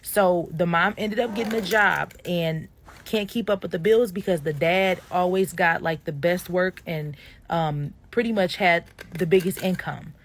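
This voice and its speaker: A woman's voice: fairly low pitch, unhurried. A woman from Detroit telling a true ghost story to her followers, chatting straight to viewers and acting out the people in it. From Detroit, USA. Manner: chatty, addresses viewers directly, acts out voices.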